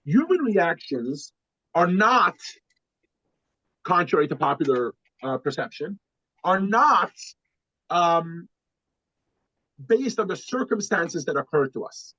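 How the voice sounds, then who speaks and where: Male teacher with a high voice, lecturing and telling a story with many restarts; dry, muffled sound. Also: unhurried, pauses often, husky, no room sound. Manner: repeats words and restarts often, animated when quoting. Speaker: class teacher.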